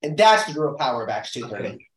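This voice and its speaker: A man leading a group Bible study, animated and thinking aloud with restarts and rhetorical questions, heard from far off in an echoey room. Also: mid-range voice, fast.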